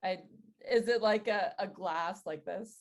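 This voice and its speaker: A woman player in a tabletop role-play, giving short relaxed replies. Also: medium pitch, a little slow.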